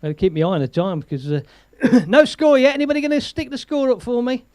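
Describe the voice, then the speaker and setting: An older man hosts a comedy live stream, rambling cheerfully and chuckling between jokes. His speaking voice sits fairly high. The sound is close and dry. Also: fast talker, darkish tone, no echo. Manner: rambling, chuckling, thanks viewers. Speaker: comedian host.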